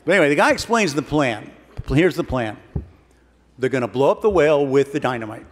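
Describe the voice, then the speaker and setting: A man's voice: medium pitch, animated, a little fast. A man giving a humorous keynote speech to an audience, telling a long comic story in a wry, dry way. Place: large hall before an audience. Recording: long hall reverb, faint background noise.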